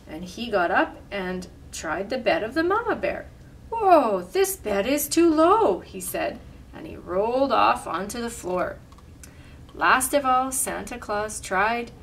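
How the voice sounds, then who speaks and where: A woman reading a storybook aloud with animated, expressive delivery, then leading a simple craft. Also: mid-range voice, far from the mic, a little hiss or hum.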